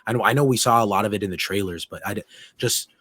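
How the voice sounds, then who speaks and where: A man's voice: on the low side, fast talker, fairly bright tone, dry recording. A young man hosting a podcast, chatting casually and enthusiastically with many restarts. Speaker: podcast host. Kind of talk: casual chat.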